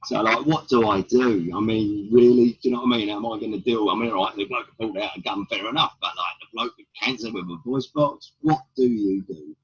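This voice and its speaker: Very husky man, blunt storyteller. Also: fairly low pitch, quick pace, hardly any pauses. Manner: blunt, rhetorical questions, swearing. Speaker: stand-up comedian. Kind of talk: storytelling in an interview. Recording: dull lo-fi recording.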